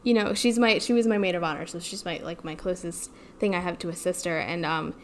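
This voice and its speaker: A woman's voice: fairly low pitch, fairly even intonation, a little fast, slight background noise. Chatty woman full of filler words. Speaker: podcast co-host. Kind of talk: casual chat.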